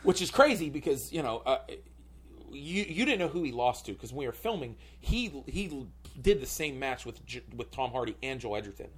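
A man's voice: mid-range voice, big pitch swings, normal speed, slightly rough. A male comedian telling a story on a podcast, rambling and full of filler words. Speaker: comedian guest.

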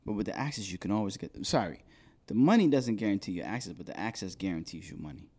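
A man in relaxed podcast talk, speaking in a lowish voice. He swears freely and lively throws himself into quoted lines. It comes across as an easy, conversational guest. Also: quick pace. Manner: profane, animated, acts out quoted voices. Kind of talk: casual conversation.

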